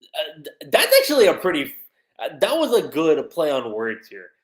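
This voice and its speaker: A host retelling a manga chapter on a casual livestream, chatty and quick to laugh. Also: medium pitch, huge pitch swings, reverberant. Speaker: manga reviewer.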